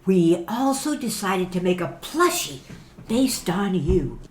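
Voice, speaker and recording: A woman playing a brisk, lively promoter. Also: fairly low pitch, a little hiss or hum. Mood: upbeat. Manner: upbeat, lively, salesy. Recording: roomy echo.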